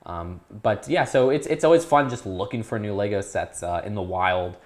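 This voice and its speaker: A young man in his teens talking casually as an interview guest, rambling with restarts and perking up when excited. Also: fairly low pitch, normal speed. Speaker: YouTube creator, guest.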